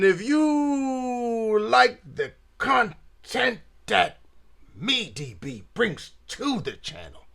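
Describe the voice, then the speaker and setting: Channel host, male, slow storytelling with a lively, swinging pitch and jazz slang. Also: vocal fry. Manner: laid-back jazz slang, says "man" and "you dig". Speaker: trumpet player and channel host. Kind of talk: casual storytelling vlog.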